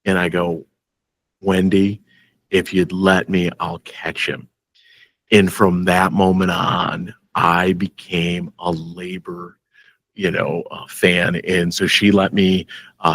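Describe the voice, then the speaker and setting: A man from Michigan hosting a casual school podcast, telling animated stories and laughing often. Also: sits low, takes it slowly, husky, no room sound. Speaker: school superintendent and podcast host.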